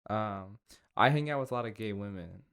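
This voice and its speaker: A man co-hosting a casual comedy podcast, playful and teasing, quick to laugh. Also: lowish voice, vocal fry, fairly bright tone, clear, resonant tone. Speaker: podcast co-host.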